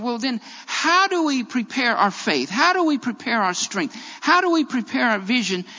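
Male preacher, very high voice, emphatic, repeats key phrases, sermon, dull lo-fi sound. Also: bright, forceful tone, big-room sound.

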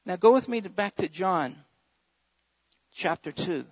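Male pastor, sermon, high-pitched voice, fervent and emphatic, repeats phrases, dull lo-fi recording. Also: moderate pace, long pauses, no echo. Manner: impassioned preaching, swinging from loud fervent surges to quieter emphatic stretches.

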